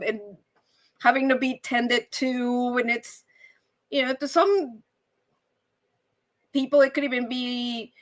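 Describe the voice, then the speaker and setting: Bright, high-pitched chatty woman host. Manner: animated, chatty, addresses viewers as y'all. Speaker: live stream host. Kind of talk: casual live-stream chat.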